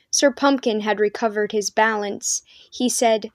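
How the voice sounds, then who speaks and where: A woman reads a storybook aloud at a medium pitch, gentle and expressive. Her narration is steady and clear, with pauses suited to a bedtime tale.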